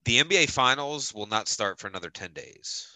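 A man's voice: mid-range voice, expressive, a little fast, bright, forceful tone, no room sound, poor audio. A man co-hosting a podcast in casual chat, blunt and profane when he rants. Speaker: podcast co-host.

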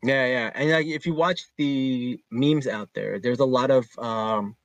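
Man, podcast host, laid-back casual chat, lots of fillers, mid-pitched voice, dry recording. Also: a little slow, dry recording, dull audio. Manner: easygoing, filler-heavy talk with many "like" and "man".

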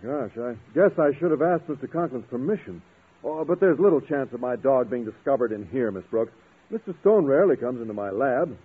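A man's voice: medium pitch, animated, a little fast, slightly rough. An actor playing a shy, earnest male biology teacher who loves animals in a 1950s radio sitcom. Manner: bashful, earnest. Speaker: schoolteacher. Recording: tinny old radio broadcast.

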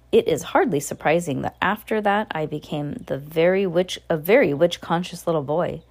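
Woman narrator, low voice, amateur storybook read-aloud with slips. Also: darkish tone. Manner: earnest, with small slips and restarts. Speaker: reader. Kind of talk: reading a children's novel aloud.

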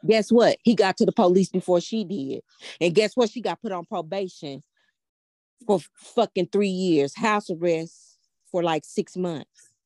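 A woman's voice: lowish voice, unhurried, a little mellow, dry recording, studio quality. An older woman hosting a podcast, telling a story to a live audience in a blunt, profane, emphatic way and asking a lot of rhetorical questions. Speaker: podcast host.

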